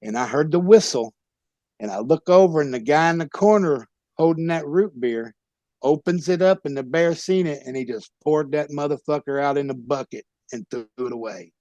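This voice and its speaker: A former pro wrestler telling a rowdy, profane story as a podcast guest. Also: male voice, fairly high pitch, moderate pace, no room sound, lo-fi sound. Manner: profane, loud tall-tale telling. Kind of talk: animated comic storytelling.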